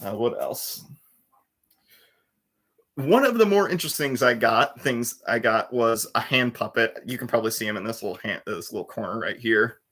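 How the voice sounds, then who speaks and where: A man's voice: medium pitch, animated, normal speed, fairly bright tone. A man in his twenties hosting a livestream, chatting casually and rambling, with lots of restarts into a computer mic. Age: 20s. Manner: rambling, with restarts and trailing fillers. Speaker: livestream host. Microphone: computer webcam mic.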